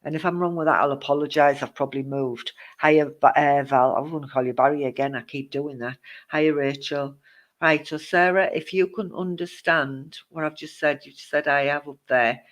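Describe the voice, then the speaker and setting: A man's voice: fairly high pitch, fairly even intonation, normal speed, fairly bright tone. Reassuring man giving a psychic reading. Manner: reassuring, endearments, greets viewers mid-sentence. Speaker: psychic medium. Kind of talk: live-streamed psychic reading.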